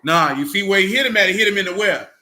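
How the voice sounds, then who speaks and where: A man's voice: high voice, racing, pushed and bright. A man leading an interactive Bible study in a classroom, speaking in with a conversational, call-and-response manner and teasing asides. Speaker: Bible teacher. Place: classroom with a group.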